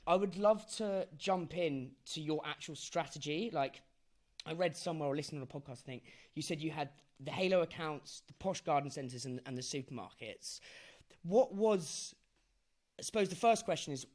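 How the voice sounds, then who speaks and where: A man's voice: on the high side, moderate pace. A man hosting a podcast interview, casual and chatty, fond of "like" and "mate" and some swearing. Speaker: podcast host.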